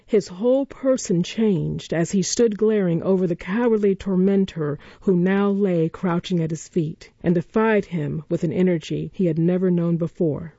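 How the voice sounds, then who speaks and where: A narrator reading a classic novel in a measured, even storytelling manner, in a dull, dry recording. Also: mid-range voice, dry recording.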